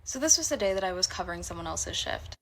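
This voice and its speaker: A woman's voice: on the low side, animated, quick pace, a bit bright, slight background noise. A woman telling a personal work story in a candid, blunt and profane way. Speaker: storyteller in a reacted-to clip. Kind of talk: casual storytelling to camera.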